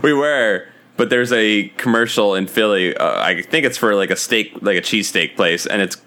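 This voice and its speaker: A man's voice: on the low side, normal speed, pushed and bright. A man co-hosting a podcast in casual chat, wry and joking, sometimes reading aloud. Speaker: podcast co-host.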